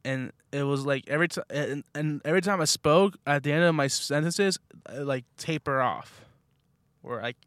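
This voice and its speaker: A young man co-hosting a podcast, animated and laughing often as he tells a story. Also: fairly high pitch, moderate pace, no echo, studio quality. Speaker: podcast co-host. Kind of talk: casual chat.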